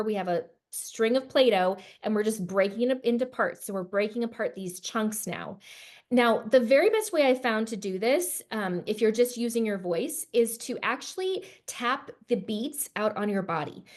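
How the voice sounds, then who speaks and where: A woman guest explains a teaching method in a fairly high voice. She talks eagerly and casually, going step by step. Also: a little mellow. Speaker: guest literacy educator.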